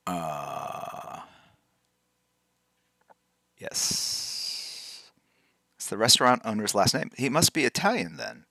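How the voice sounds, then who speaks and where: A man's voice: fairly low pitch, big pitch swings, slow, vocal fry, long pauses, bright, forceful tone, no room sound, studio quality. A man hosting a live drawing stream, chatting casually and playfully with his chat while he works, teasing them and repeating words to practice saying them.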